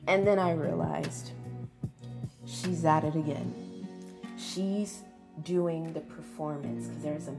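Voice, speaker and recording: Blunt, profane woman with a low voice. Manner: blunt, profane, animated storytelling. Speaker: vlogger. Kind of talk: casual monologue. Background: background music.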